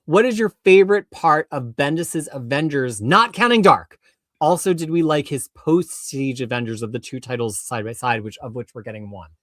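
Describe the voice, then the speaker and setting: A man's voice: mid-range voice, lively intonation, moderate pace, fairly bright tone, dry recording. Man, enthusiastic, laughs easily, dead dry sound, live stream co-host. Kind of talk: casual live chat.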